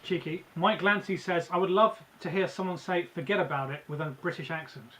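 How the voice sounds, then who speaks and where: A man's voice: sits high, steady tone, fairly quick, sharp tone, rough recording. A man hosting a web TV talk show, upbeat and reading out viewer comments. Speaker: host.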